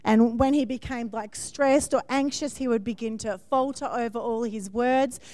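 Bright-voiced woman preaching. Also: fairly high pitch, steady tone, moderate pace. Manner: warm, conversational preaching with frequent "yeah?" check-ins and laughs. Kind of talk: sermon.

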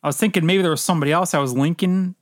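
A man's voice: a little high, very fast, no room sound. Swearing man in a dry room. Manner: loose, swears often, trailing asides. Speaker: podcast co-host. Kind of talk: casual movie discussion.

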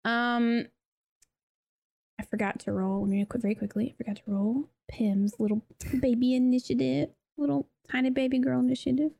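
A woman's voice: a little high, little pitch movement, moderate pace, vocal fry, dark tone. A woman running a tabletop role-playing game, narrating the scene in a chatty way with many fillers. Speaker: game master.

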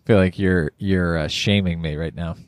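A man's voice: deep voice, steady tone, moderate pace, dry recording, studio quality. A man co-hosting a casual podcast, laughing often and rambling as he talks. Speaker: podcast co-host.

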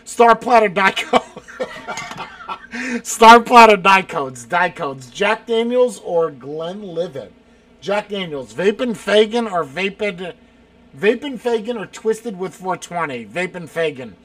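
High, lively man in casual chat. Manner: quick answers, swearing, bursts of shouting and laughter. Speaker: streamer answering rapid-fire questions. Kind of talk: casual chat, lightning round.

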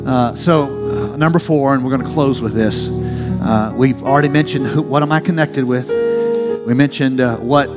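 A male pastor preaching a sermon, rising to emphatic peaks and slowing into drawn-out prayerful lines. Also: mid-range voice. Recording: faint music under the voice.

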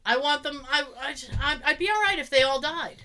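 Amid crowd noise, a woman with a high voice and a Boston accent speaks briskly as a podcast co-host from the Boston area. Chatting casually, she tells a story, acts out quotes, and often laughs.

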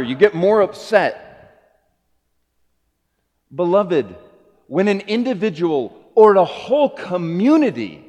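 Man, middle-aged pastor, lively rising and falling sermon voice, slightly high, long hall reverb. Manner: earnest, builds to emphatic rises with soft low drops.

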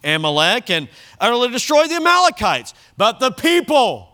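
A man's voice: very high-pitched, big pitch swings, normal speed, pushed and bright, voice pushed up, heavily acted. A preacher putting on a whiny self-justifying king. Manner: whiny, defensive.

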